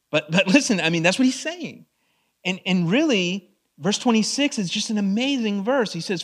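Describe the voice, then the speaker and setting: A man's voice: on the high side, fairly bright tone. Guy preaching through scripture verse by verse, asks the crowd questions, stretches out the verses when he reads them, voice jumps all over. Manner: conversational, asks the audience questions; reads scripture slowly with drawn-out emphasis. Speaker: pastor. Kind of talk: expository sermon.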